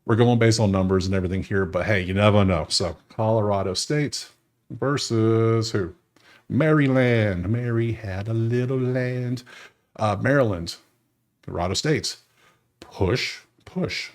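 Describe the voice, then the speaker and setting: A man's voice: lowish voice, unhurried. A man hosting his sports betting channel, casually thinking aloud through his bracket picks and talking straight to the teams. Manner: animated, thinks aloud, talks to teams directly. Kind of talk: casual bracket breakdown monologue.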